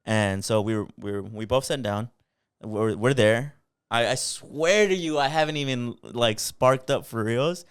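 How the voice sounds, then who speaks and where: A young man co-hosting a podcast, telling a story in a casual, animated way and swearing a lot. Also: mid-range voice, measured pace, clean tone, no room sound, clean studio sound. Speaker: podcast co-host.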